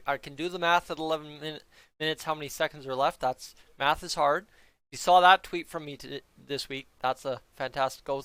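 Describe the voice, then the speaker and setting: A young man talks his viewers through a hockey game in casual, chatty play-by-play, tossing in jokes and side comments. His voice sits a little high and sounds smooth and clear. The recording is dry and close. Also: sharp tone, no echo. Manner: chatty, joking asides to viewers. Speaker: fan streamer reacting to a hockey game. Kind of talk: casual play-by-play reaction chat.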